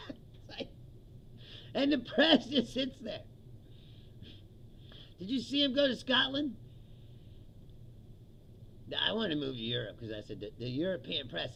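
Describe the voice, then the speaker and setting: Gravelly high-voiced man ranting. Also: bright, forceful tone, highs cut off. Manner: profane, mocking, laughs often, acts out quotes. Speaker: comedian. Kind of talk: stand-up style political rant.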